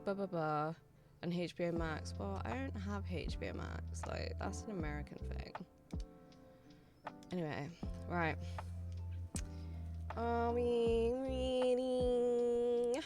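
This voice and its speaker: A woman streamer talks casually into her mic at a mid pitch, sounding a bit tired. She greets viewers one after another in a chatty way. Soft chill music plays faintly behind her. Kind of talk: casual live-stream chat. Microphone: streaming mic with headphones on. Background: faint chill background music.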